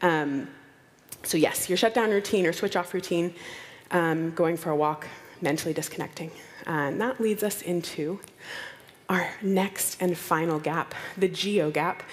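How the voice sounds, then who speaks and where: American woman giving a lively talk. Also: lowish voice, unhurried. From Oklahoma, United States. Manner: animated storytelling, acts out quotes in playful voices. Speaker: conference speaker. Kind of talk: conference talk. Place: conference hall. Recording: long hall reverb.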